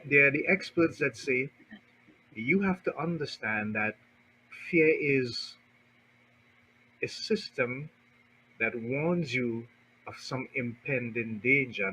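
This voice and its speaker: A man hosting a radio talk show, slowly building a long question for his guest and repeating words as he goes. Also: medium pitch, pushed and bright, a little hiss or hum, rough recording. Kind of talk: interview question.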